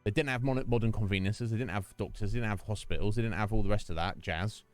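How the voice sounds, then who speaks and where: A British man streaming a game, musing aloud to his viewers in a relaxed, rambling way with plenty of ums and restarts. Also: lowish voice, fast talker, faint music behind. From United Kingdom. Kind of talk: casual chat during a game stream.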